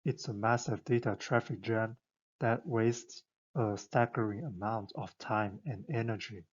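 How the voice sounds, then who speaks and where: A man narrates an explainer enthusiastically and conversationally, tossing in rhetorical questions along the way. His husky, lowish voice is unhurried and steady in tone. The recording is a little dull and lo-fi.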